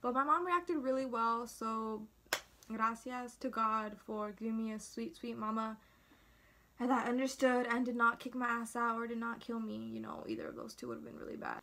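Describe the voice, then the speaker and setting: A teenage girl talks straight into her phone camera with a clear, bright voice pitched a little high. She is chatty and dramatic, acting out what her family said as she tells her story. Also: steady tone, moderate pace, slight background noise. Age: teens. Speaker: vlogger.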